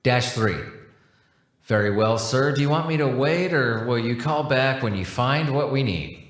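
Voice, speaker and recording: A man voicing a bored, weary non-human support agent who talks in a flat, procedural way. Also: medium pitch, measured pace, natural voice. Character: bored, sour male cosmic support agent. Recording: roomy echo.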